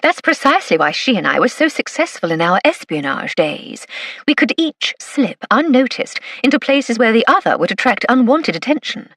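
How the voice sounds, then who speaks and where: Woman voicing a spirited lady of rank, well-spoken, lively ups and downs. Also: a little high, moderate pace, no echo, clean studio sound, heavily acted. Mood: playful. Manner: bright, theatrical, well-spoken. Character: playful, spirited aristocratic lady.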